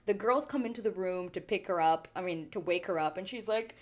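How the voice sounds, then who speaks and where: A woman hosting a chatty reality show recap, animated and quick to act out the people she talks about. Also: on the low side. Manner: animated, chatty, drops into quoted voices. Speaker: TV recap vlogger.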